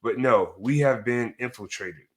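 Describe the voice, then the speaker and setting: A man's voice: medium pitch, measured pace. A man giving a heated, profane reaction rant as a commentator, cursing and restarting his sentences as he goes.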